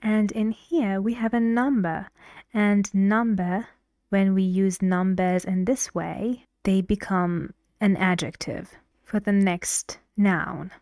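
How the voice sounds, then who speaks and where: A woman's voice: mid-range voice, steady tone, takes it slowly, darkish tone, dry recording, studio quality. A woman teaching an English pronunciation lesson, explaining stress rules patiently with examples.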